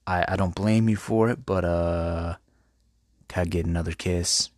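A man's voice: deep voice, fairly even intonation, measured pace, a little mellow, no room sound, studio quality. A man voicing a lovestruck young man from town who pleads in slang for a kiss. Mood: pleading.

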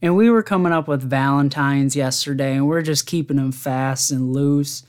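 A man's voice: medium pitch, normal speed, a little mellow. A man hosting his own podcast alone, telling rambling stories in casual chat and often laughing at them. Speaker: podcast host.

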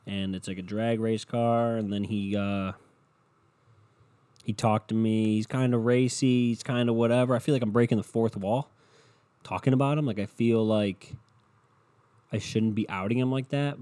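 Recording on a home podcast mic while in bed with his dog, this young man runs a casual solo show full of rambling, swearing, and sardonic asides. His voice is medium-pitched and warm.

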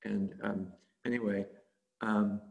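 A man's voice: fairly low pitch, level tone, takes it slowly, vocal fry, narrow, tinny audio. A man teaching meditation in a dharma talk, speaking in a rambling, conversational way with frequent chuckles.

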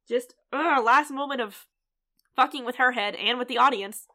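Woman, podcast co-host, casual recap chat, frequent swearing, bright tone. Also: sits high, a little slow. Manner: swears freely and laughs often.

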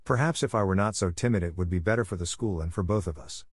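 A man's voice: low-pitched, quick pace, slightly rough, no room sound, clean studio sound. A man reading aloud, voicing a timid spinster schoolmistress who breaks into hysterics, in a raised, pleading voice.

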